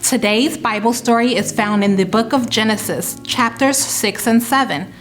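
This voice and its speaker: A woman hosting a children's Bible lesson, narrating the story clearly in a way meant for kids. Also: fairly high pitch, moderate pace, soft background music.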